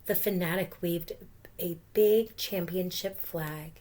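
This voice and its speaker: A woman teacher reads a picture book aloud in a slow, unhurried way, with a lowish voice. She is gentle and stops often to explain words and pose questions to young listeners.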